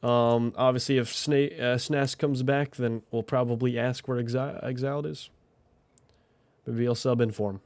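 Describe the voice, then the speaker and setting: A man's voice: medium pitch, steady tone, normal speed, darkish tone, dry recording. A man hosting a game tournament stream, chatting casually and thinking aloud with lots of fillers. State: out of breath. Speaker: tournament host. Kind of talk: casual livestream commentary.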